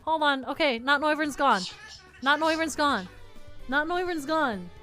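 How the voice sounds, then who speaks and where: A woman streamer chatting casually with her viewers while playing games, excitable and quick to laugh. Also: high voice, faint music behind. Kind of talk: casual live-stream chat while gaming.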